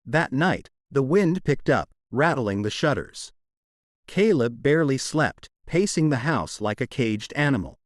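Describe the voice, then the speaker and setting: A man narrating a romance audiobook in a dramatic, expressive storytelling manner. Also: mid-range voice, unhurried, no echo, clean studio sound.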